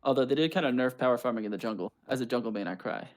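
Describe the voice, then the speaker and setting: A man with a middle-pitched voice breaks down team picks in easygoing, chatty commentary. He pokes fun at himself now and then while he talks through the game. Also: rapid-fire. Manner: laid-back, self-mocking humor. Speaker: esports caster. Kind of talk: casual esports commentary.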